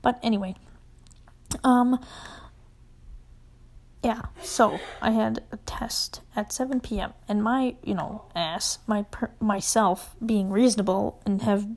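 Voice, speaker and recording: A woman's voice: medium pitch, steady tone, takes it slowly, pauses often, a little mellow. A young adult woman telling a casual story, rambling and swearing, full of "like", often dropping to a whisper.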